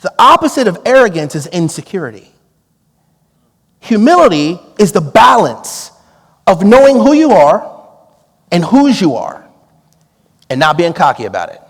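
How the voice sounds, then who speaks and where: A man preaching a storytelling sermon, drawing on his time as a police negotiator and acting out the dialogue with lively energy. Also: high voice, moderate pace, long pauses, breathy edge, long reverb tail. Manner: animated, acts out quoted dialogue with laughs.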